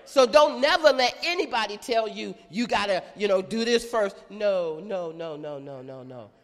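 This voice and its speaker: A middle-aged woman, preaching an animated call-and-response sermon in a church. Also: mid-range voice, normal speed, long reverb tail.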